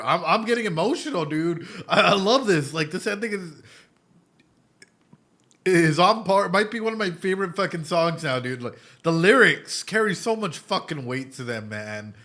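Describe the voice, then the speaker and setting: A man reacting on a live stream, thinking out loud with frequent restarts and a lot of swearing. His tone is bright and forceful, and his energy runs high as he works through the material. He talks casually, like an expert chatting with his audience. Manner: excitable and emotional, swears often; thinks aloud with repeated restarts. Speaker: psychologist reacting to anime.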